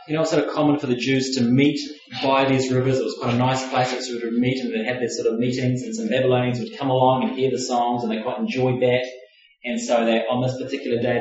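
A man preaching a sermon, reflective and conversational, often hedging with fillers as he teaches. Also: medium pitch. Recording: very echoey, distant mic, dull lo-fi.

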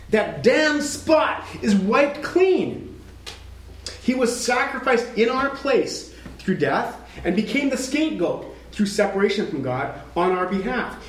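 A male preacher with a high voice delivers a dramatic sermon. He sinks to a hush and then climbs toward a shout. The sound carries the echo of a roomy hall. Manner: dramatic, swings from hushed to shouting.

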